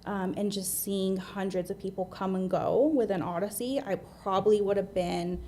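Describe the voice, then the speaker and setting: Woman, thirties, American accent, interview guest, earnest, candid, mellow tone. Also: mid-range voice, steady tone, normal speed, slight background noise. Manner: earnest, open, many fillers and restarts. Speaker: guest, admissions medical assistant.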